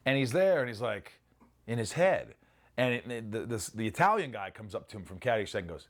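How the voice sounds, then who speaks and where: A middle-aged man telling stories in a casual interview, animated and swearing freely as he acts out lines. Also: lowish voice, moderate pace. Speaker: actor interviewee.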